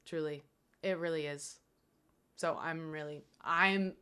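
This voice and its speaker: A woman's voice: low voice, fairly even intonation, takes it slowly, bright, forceful tone, clear, resonant tone. A young woman streaming from home, talking to her chat in an earnest, grateful, rambling way with many fillers.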